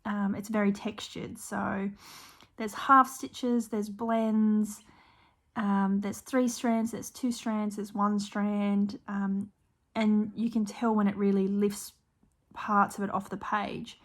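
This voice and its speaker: A woman's voice: mid-range voice, level tone, takes it slowly. An Australian woman chatting casually on her own stitching channel, showing her projects with frequent ums and small apologies. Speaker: cross-stitch vlogger. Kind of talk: casual show-and-tell chat.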